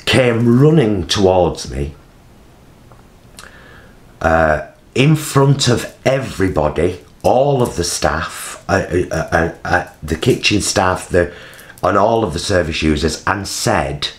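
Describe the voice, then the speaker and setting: A man, telling a personal story in a vlog, halting with many fillers and acting out other people's voices. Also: big pitch swings. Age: 50s. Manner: acts out voices of people in his story with big jumps in pitch. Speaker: vlogger.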